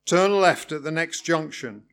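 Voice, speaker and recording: A man's voice: a little high, a little slow, a bit bright. A man voicing a stiff, irritable male driving examiner who talks in a pedantic, clipped way and leans hard on his words. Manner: pedantic, clipped, over-emphatic.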